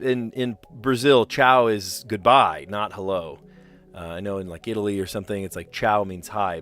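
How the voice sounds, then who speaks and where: A man with a light New Jersey accent hosting a live stream of word puzzles, chatting casually and rambling with frequent laughs. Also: lowish voice. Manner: chatty and rambling, laughs often, reads chat aloud.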